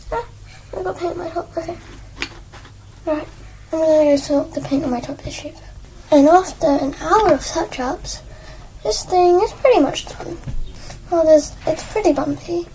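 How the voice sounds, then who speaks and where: A woman's voice: very high-pitched, moderate pace, long pauses, mellow, slight background noise, low-quality recording. A young woman chatting casually while painting a craft at her desk, rambling and joking at herself, now and then dropping to a whisper, filmed on an iPad. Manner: rambling, self-mocking, drifts into whispers. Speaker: crafting vlogger. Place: indoors at a desk. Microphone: iPad propped on a stool.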